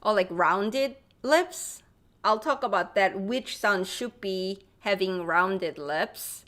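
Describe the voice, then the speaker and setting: Brief: Korean-accented woman, mid-pitched voice, teaching a live online language class, reads out viewer comments and drills sounds by repetition. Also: expressive, slow, a bit bright. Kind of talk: live-streamed language lesson.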